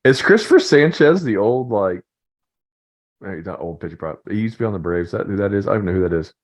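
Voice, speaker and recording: A man's voice: on the low side, lively intonation, fairly quick, muffled recording. A man co-hosting a casual sports chat. He muses aloud and often sounds unsure. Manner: laughing, unsure musing. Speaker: podcast co-host.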